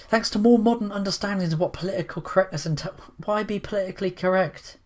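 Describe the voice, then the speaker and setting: A man's voice: high voice, fast talker, few pauses. A man giving opinionated commentary in a rambling, sarcastic way, full of restarts and asides. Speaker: commentary vlogger.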